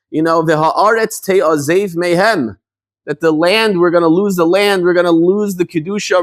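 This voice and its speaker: A man with a high voice gives a Torah lesson as a rabbi. He explains in an easy, talky way, often restarting his phrases and using Hebrew terms in Ashkenazi pronunciation. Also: fairly bright tone. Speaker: rabbi teaching a Torah class.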